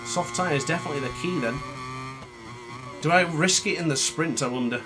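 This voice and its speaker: With music and motorbike engine sounds in the background, a gaming YouTuber commentates on a race in a fairly high, brisk voice. He mutters to himself and is self-critical and frustrated throughout.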